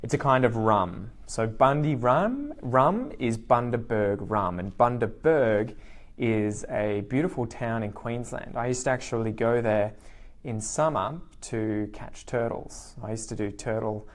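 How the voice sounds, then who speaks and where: A man with an Australian accent teaching slang in a live online lesson, lively and repeating key words slowly. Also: mid-range voice. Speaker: English teacher.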